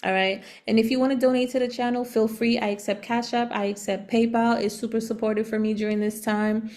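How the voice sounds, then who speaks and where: A woman giving a casual tarot reading, chatty and animated, laughing often and using relaxed slang. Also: on the high side, fairly quick. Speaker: tarot reader.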